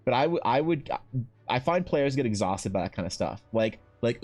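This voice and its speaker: Rich: A young Canadian man in casual live-stream chat, swearing freely and joking as he answers viewers. His pitch sits in the middle range. Faint music plays underneath. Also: animated, moderate pace, a little mellow. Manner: profane, joking, reading chat aloud. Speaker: streamer and artist.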